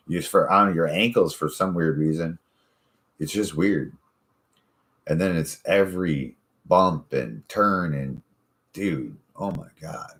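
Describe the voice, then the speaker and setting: A man in his forties, a podcast host, telling stories in casual, profane chat. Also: low-pitched. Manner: profane, easygoing storytelling.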